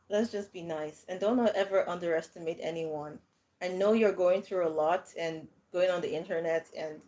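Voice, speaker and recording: A woman's voice: lowish voice, darkish tone. Brief laughing woman livestream host. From Nigeria. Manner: chatty, laughs often, frequent fillers and restarts. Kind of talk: casual live chat answering viewer comments.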